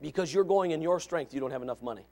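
A man gives a sermon as associate pastor, his voice sitting high for a man. He is folksy and quick to joke. He drops into low, quiet asides, then climbs to loud, shouted calls to his listeners. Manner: folksy, joking, with sudden dramatic emphasis.

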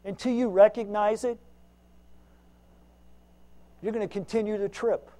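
A man with a notably high voice delivers a sermon as a lay preacher. His talk is folksy and self-mocking. He swings between loud, emphatic lines and quiet asides. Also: fairly even intonation, a little slow.

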